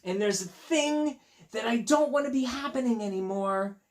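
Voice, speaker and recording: A male teacher reading a picture book aloud to children, gentle and chatty, repeating himself as he talks straight to the kids. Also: very high-pitched, normal speed. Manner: gentle, chatty and repetitive, talking directly to young kids.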